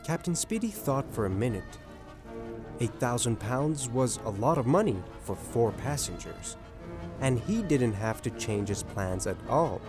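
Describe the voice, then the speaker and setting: Lively male storyteller. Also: mid-range voice, a little slow, over music. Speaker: narrator. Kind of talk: scripted narration.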